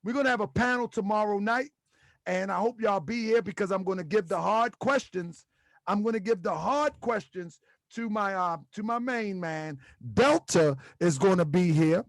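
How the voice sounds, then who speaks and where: A middle-aged man hosting an online talk show in a relaxed, rambling way, pausing often with "um" and "uh". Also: sits high, no room sound. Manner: relaxed and rambling, many "um" and "uh" pauses, laughs easily. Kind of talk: casual livestream chat.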